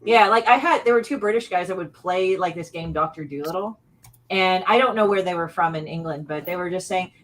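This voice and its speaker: A woman's voice: fairly low pitch, fairly quick, rough recording. A woman chatting casually on a group call, laughing often and rambling through her stories. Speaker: panel guest.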